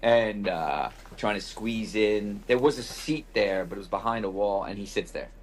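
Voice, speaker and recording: A husky, low-voiced podcast host speaks at a moderate pace over slight background noise. His casual storytelling is a wry, profane, loose travel tale packed with quoted asides.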